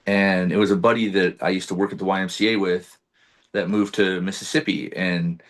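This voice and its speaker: Man, podcast guest, casual storytelling, low voice, animated, swears freely. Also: fairly quick. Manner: animated, swears freely, acts out his own past lines.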